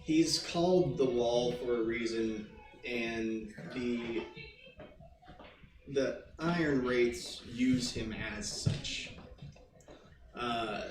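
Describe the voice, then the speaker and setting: A man narrating a tabletop roleplay as game master, in a casual, halting way. His voice sounds roomy and a little far from the mic. Music plays clearly in the background. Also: mid-range voice.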